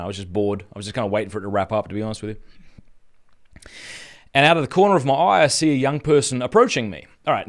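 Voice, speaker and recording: An Australian man in his thirties, a Catholic speaker and podcast host, is hosting a live stream and sharing a personal story. His medium-pitched delivery is casual and earnest, with frequent restarts.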